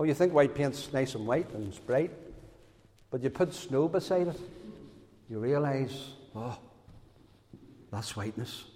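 A man preaches a sermon at an unhurried, deliberate pace, leaning hard on key words. His voice sits high for a man. The sound carries the long reverb of a church hall. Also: a little mellow. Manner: emphatic, lingering on key words. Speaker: pastor.

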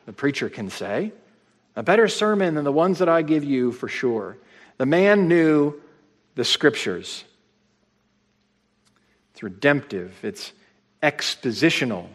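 A man with a high voice preaches to his congregation in a plain, conversational way. He stresses key words by slowing down, and his voice carries a long reverb from the hall. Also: a bit bright. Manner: plain-spoken, emphatic, slows down to stress points. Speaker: pastor. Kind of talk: conversational sermon. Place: church sanctuary.

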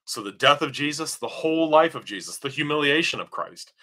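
Male pastor, sermon delivery, bright piercing tone, emphatic question-and-answer style. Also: fairly high pitch, lively intonation, fairly quick. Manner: emphatic, rising to near-shouts on key points; asks questions then answers them.

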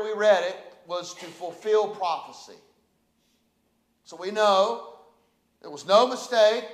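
A man's voice: high-pitched, reverberant. A man preaching a sermon as pastor, fervent and repetitive with emphatic delivery.

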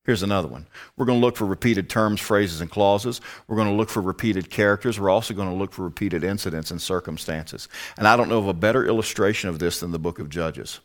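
Bible teacher, male, fairly low voice, emphatic, poses rhetorical questions to the room. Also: fast talker, few pauses.

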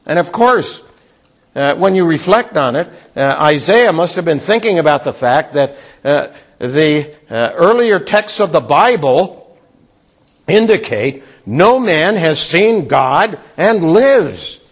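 A man preaching a sermon slowly and deliberately, with frequent hesitant pauses. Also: on the high side, sing-song. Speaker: pastor.

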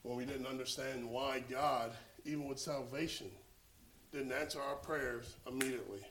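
A man preaching a sermon, telling a story and swinging from hushed, slow lines to loud exclamations. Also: medium pitch, steady tone, roomy sound, rough recording.

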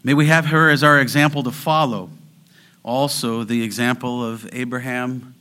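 Bright-voiced male pastor preaching earnestly. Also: mid-range voice, steady tone, smooth. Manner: earnest, rising to fervent exhortation; slows down and drops to near whispers for emphasis. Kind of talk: sermon.

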